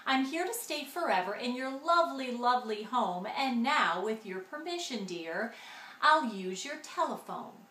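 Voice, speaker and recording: A woman voicing a chatty, carefree male glunk creature who rattles on in quick patter. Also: a little high, expressive, pushed and bright, echoey room, far from the mic. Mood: gabbing. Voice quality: rapid gabbing patter.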